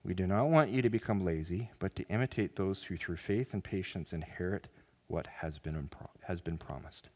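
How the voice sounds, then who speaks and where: A man preaching a sermon as pastor, earnest, with sudden loud emphatic rises. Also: deep voice, moderate pace, few pauses.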